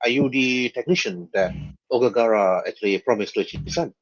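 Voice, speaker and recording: A man's voice: mid-range voice, brisk, lo-fi sound, close to an everyday voice. A man voicing a polite, worried woman who runs a generator and fusses over her words. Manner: fussy, repeats "actually".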